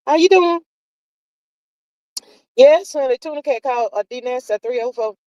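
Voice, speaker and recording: The audio is poor but echo-free as a woman with a slightly high, dark voice gossips fast with her live stream viewers. Sassy and drawling, she reads their comments and calls everyone honey and child.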